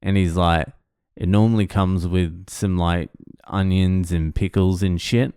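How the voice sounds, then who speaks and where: A man's voice: low-pitched, level tone, unhurried, warm tone, smooth, dry recording, studio quality. An Australian man telling a story casually, swearing often and mocking himself. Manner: sweary, self-mocking anecdote with laughs. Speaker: vlogger.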